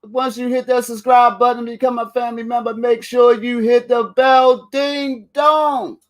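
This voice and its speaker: A man's voice: very high-pitched, monotone, normal speed. Man, vlog host, casual rant, profane, rambling, laughs between lines. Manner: talks straight to viewers.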